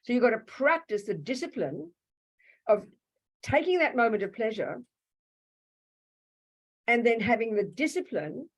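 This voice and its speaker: A woman's voice: a little high, sing-song, unhurried, pauses often, low-quality recording. An Australian woman teaching a Buddhist class, blunt and direct, calling listeners sweetheart and darling. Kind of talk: teaching a live Q&A session. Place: meditation hall with an audience. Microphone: handheld microphone.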